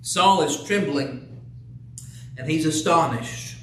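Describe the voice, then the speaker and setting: High-voiced preacher in an echoey room. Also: male voice, takes it slowly, a bit bright, recorded from a distance, slight background noise. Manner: earnest, rhetorical questions, reads scripture aloud. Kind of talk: sermon.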